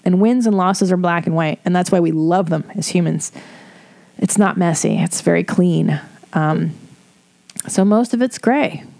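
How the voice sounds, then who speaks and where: Middle-aged woman, mellow warm voice, casual advice chat, blunt and profane, laughs a lot. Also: fairly low pitch, unhurried, vocal fry. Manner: frank, swears freely, laughs often. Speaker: podcast host giving advice.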